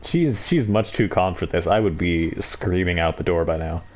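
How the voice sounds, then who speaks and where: A man's voice: sits low, moderate pace, darkish tone. A man streaming a video game, giving casual, joking commentary with chatty asides. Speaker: livestreamer.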